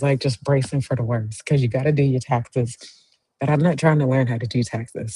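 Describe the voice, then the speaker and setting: A woman's voice: rumbling low, warm tone, slightly rough, no room sound, low-quality recording. A woman hosting a casual livestream, telling a story in a chatty way and cheering on viewers as she reads their comments. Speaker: host.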